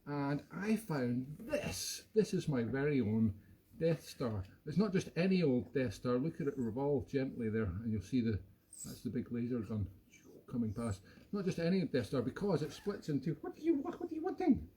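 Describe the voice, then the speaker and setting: A man's voice: mid-range voice, sing-song, moderate pace, warm tone, a little hiss or hum. A man in his fifties hosting a casual live stream from home, chatting playfully and rambling with many restarts. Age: 50s. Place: home room.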